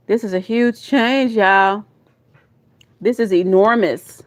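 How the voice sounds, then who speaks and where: A woman with a medium-pitched voice and a Southern US accent takes it slowly while doing a live tarot reading. She speaks to her viewers in a folksy, emotional way, calling them y'all and baby.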